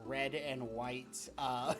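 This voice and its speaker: Casual game master, giggly rambling narration, soft music behind, middle pitch. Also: fairly even intonation, extremely slow. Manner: giggly, rambling, many fillers.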